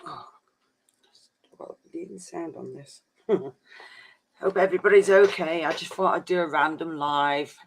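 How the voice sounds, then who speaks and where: A man's voice: a little high, gravelly. A man chatting casually on a live stream, rambling and saying "flipping" a lot.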